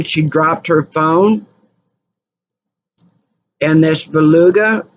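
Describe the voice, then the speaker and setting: A woman telling stories in a rambling, casual monologue, repeating and correcting herself. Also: sits low. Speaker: channel host. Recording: dull lo-fi recording with faint noise.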